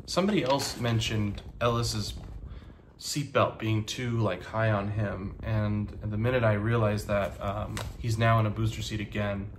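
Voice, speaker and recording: A man in his thirties talking casually to the camera, halting with many pauses, earnest and grateful. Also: on the low side, steady tone, a little hiss or hum. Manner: halting, soft-spoken, many ums and pauses. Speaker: vlogger and teacher.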